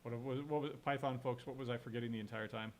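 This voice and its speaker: A man's voice: mid-range voice, steady tone, fast talker, a little mellow, slight background noise. A man lecturing on programming while he codes, thinking aloud, correcting himself and asking the class questions. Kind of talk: live-coding lecture.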